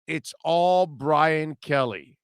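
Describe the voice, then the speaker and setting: Blunt, sarcastic sports radio host. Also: male voice, a little high, drawn-out words, clear, resonant tone, dry recording, clean studio sound. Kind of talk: opinionated sports talk.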